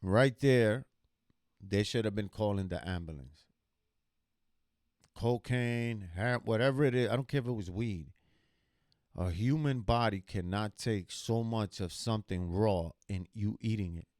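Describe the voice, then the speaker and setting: A man's voice: fairly low pitch, unhurried, darkish tone. A man hosting a reaction video, commenting casually and telling a story, checking in with viewers with "okay?". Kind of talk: casual commentary over footage.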